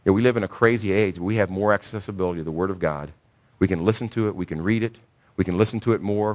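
Low-voiced emphatic male preacher. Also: quick pace. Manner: emphatic, repeats key points, asks rhetorical questions. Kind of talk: sermon teaching.

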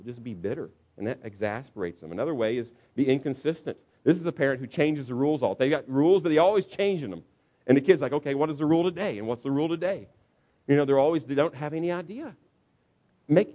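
Guy preaching a sermon, chatty and animated, middle pitch, acts stuff out. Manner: conversational, animated, acts out parents shouting. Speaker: pastor.

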